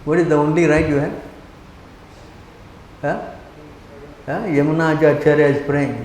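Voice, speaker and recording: Older guy preaching, fairly high voice, lively storytelling, big roomy hall sound. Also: a little slow, long pauses. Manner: animated, acts out quoted speech, fires rhetorical questions. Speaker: monk lecturing on scripture. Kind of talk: sermon with storytelling. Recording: echoey hall with faint background noise.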